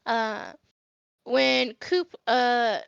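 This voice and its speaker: High-voiced giggly woman game master. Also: steady tone, very slow, vocal fry, a bit bright, smooth, no room sound, muffled recording. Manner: casual, giggly, many fillers. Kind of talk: narrating a live tabletop game.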